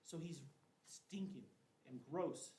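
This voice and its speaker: A man's voice: a little high, slow pace, a little mellow. Chatty man teaching in an echoey room. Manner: loose and chatty, heavy use of "like" and slang. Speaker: confirmation class teacher. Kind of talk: casual retelling of Bible stories to teens. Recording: echoey room, mic at a distance, faint hiss.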